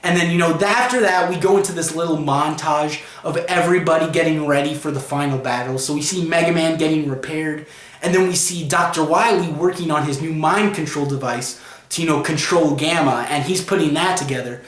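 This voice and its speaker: A fairly high-voiced man talks through a comic book review in a loose, rambling way. He keeps leaning on "you know" and "he's like" as he retells the story. His voice rings around a bare, echoey room. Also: brisk, a bit bright. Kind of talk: casual spoken review.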